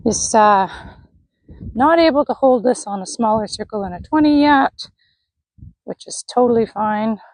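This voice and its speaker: A woman training a horse on the lunge line, calmly explaining each step and praising the horse. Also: on the high side, a little slow, pauses often, dry recording, poor audio. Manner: calm coaching, talking to the horse. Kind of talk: narrated lunging session. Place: outdoor arena.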